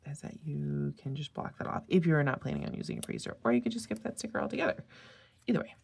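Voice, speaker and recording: Tired, chatty woman with a gravelly, low voice. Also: fast talker, darkish tone. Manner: chatty, rambling with tangents and fillers. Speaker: planner sticker vlogger. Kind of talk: casual chat.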